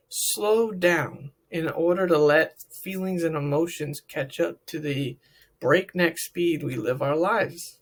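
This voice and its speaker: A therapist with a fairly high, creaky voice gives a reflective talk to camera about emotional health. He asks many questions and often repeats words.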